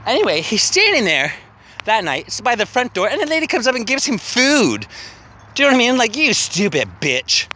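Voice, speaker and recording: A man's voice: extremely high pitch, sing-song, brisk, pushed and bright, a little hiss or hum. A man walking outdoors and vlogging into a handheld phone, rambling, emotional and swearing a lot. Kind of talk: rambling walk-and-talk vlog. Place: outdoors walking past a city cemetery.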